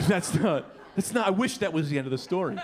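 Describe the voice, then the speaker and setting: A man in his thirties doing a stand-up comedy set, animated and shouting his punchlines. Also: high-pitched. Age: 30s. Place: comedy club. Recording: live club with crowd laughter. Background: audience laughter.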